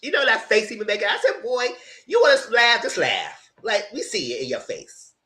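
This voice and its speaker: A man giving a casual live recap of a reality dating show, animated and slangy, with mocking asides to the contestants. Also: high voice, normal speed. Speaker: reality TV reviewer.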